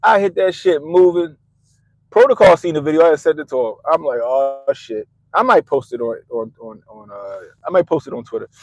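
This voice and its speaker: A middle-aged man on a podcast, telling a story in an animated, profane way and laughing at himself. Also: on the high side, brisk, vocal fry, no room sound, rough recording. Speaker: podcast host. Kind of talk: casual storytelling.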